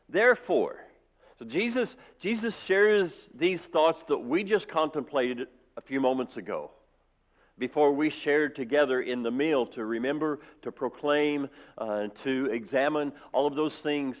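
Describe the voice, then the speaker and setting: A pastor giving a sermon in a church, reading scripture aloud and then explaining it with small restarts. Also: male voice, fairly high pitch, a little slow, low-quality recording.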